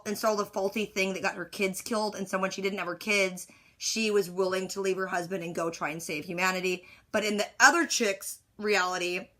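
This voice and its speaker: A woman's voice: mid-range voice, sharp tone. A woman rambling through an exasperated, casual rant that recaps a movie, with lots of "like" fillers. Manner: exasperated, rambling, heavy use of "like". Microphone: device recording her side of a phone call.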